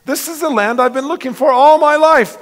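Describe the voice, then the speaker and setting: A man voicing a noble male unicorn from a storybook, crying out in high, ringing exclamations. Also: fairly quick. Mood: joyful. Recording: long reverb of a large hall.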